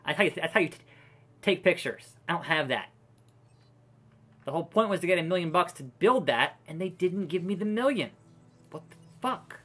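A man's voice: high voice, lively intonation, brisk, long pauses, bright, forceful tone. A man streaming a park-building game, ranting profanely and exasperated with many restarts. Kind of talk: casual gameplay commentary.

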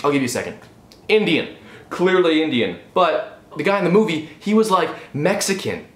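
A man's voice: fairly high pitch, very animated, normal speed. A young man giving a sarcastic, profane movie review rant on his vlog. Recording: roomy echo.

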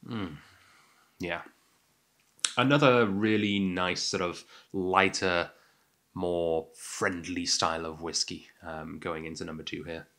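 Man, English accent, young adult, lowish voice, casual whisky tasting chat, self-deprecating. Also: steady tone, slow pace, bright, forceful tone. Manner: chatty, self-deprecating, hesitant fillers. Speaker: whisky podcast host.

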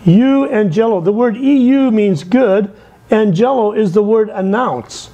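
A middle-aged man giving a lively sermon from the pulpit, telling stories with big swings in his voice. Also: a little slow, dull audio. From England. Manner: animated, storytelling with wide swings in pitch. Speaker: missionary speaker.

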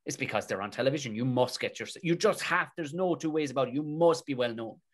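A man with a Tipperary Irish accent, a comedian and actor, telling stories as a podcast guest in a lively, colloquial way full of swearing. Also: medium pitch, fast talker. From Tipperary, Ireland. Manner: animated, swears freely, colloquial. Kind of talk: casual storytelling in a podcast interview.

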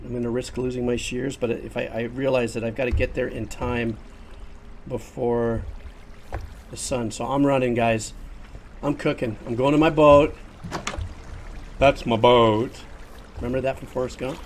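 An older man chatting through a headset as he streams a game, his voice sitting in an ordinary middle register. He talks casually and gets excitable, exclaiming often as he plays. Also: medium pitch, normal speed, long pauses, a little hiss or hum. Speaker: streamer and composer. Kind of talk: casual livestream commentary.

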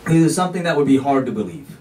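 A man's voice: medium pitch, big pitch swings, racing, a little mellow. A man giving an explanatory sermon from the pulpit of a mosque, talking conversationally with frequent "you know" and Arabic phrases. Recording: distant mic with faint background noise.

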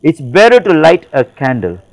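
A man's voice: fairly high pitch, wildly swooping pitch, moderate pace, creaky, no echo, rough recording. A man who is a pastor, giving emphatic testimony in an interview, repeating phrases and quoting scripture.

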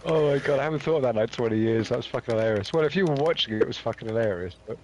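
A man's voice: mid-range voice, racing, lo-fi sound, slight background noise. Crude, sweary man on voice chat. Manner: crude, swears freely, laughs a lot. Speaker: stream guest friend. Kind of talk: casual gaming chat storytelling.

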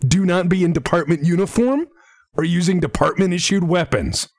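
A man's voice: medium pitch, sing-song, takes it slowly, slightly rough, no echo, studio quality, exaggerated voice. A man voicing a stern, tough female police captain in a tabletop game, giving curt, tired orders. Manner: curt, weary commands.

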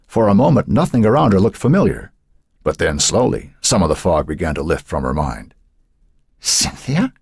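Man, audiobook narrator, very low voice, lively intonation, dramatic, measured. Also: gravelly, slightly rough, no room sound, studio quality.

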